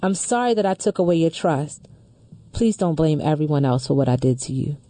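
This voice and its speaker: A woman host reading a letter aloud slowly and earnestly, then discussing it on a talk show. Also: deep voice, lively intonation, warm tone, no echo.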